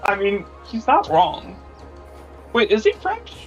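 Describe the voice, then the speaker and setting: A man's voice: high-pitched, huge pitch swings, slow, fairly bright tone, dull audio, soft background music. A man from Wisconsin with a Wisconsin accent, chatting in game voice chat in a rambling, joking, self-deprecating way. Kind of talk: gaming voice chat.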